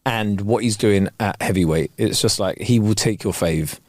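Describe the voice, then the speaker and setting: A man's voice: lowish voice, normal speed, no room sound, studio quality. A man co-hosting a podcast, bantering casually with slang and swearing and laughing often. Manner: animated, laughs a lot, swears freely, slangy. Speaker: podcast co-host.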